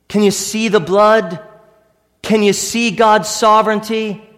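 Pastor in the pulpit: a man with a high voice, emphatic preaching, long reverb from the church room. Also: fairly bright tone. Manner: emphatic preaching with repeated rhetorical questions. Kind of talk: sermon. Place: church sanctuary.

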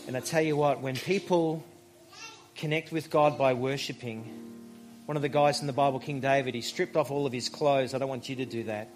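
A man preaching a sermon as a pastor, conversational, telling stories and pausing for emphasis. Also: mid-range voice, fairly even intonation, faint music behind. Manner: conversational, storytelling, with emphatic pauses.

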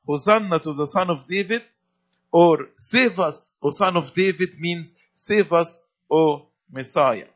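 Male preacher, slightly high voice, dull lo-fi recording, explains step by step. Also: a bit bright. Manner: explanatory, repeats phrases, some fillers. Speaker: priest. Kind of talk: sermon. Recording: dull lo-fi sound.

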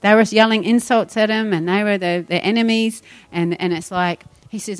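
A woman's voice: mid-range voice, normal speed, few pauses, dry recording. A woman preaching a sermon, firing rhetorical questions and acting out voices. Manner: animated, rhetorical questions, acts out quoted voices.

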